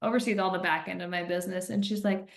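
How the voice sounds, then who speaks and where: A woman in her thirties hosting a podcast, telling stories in a chatty, animated way with frequent laughs. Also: lowish voice, quick pace, gravelly. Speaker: podcast host and coach. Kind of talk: casual podcast chat. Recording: roomy echo.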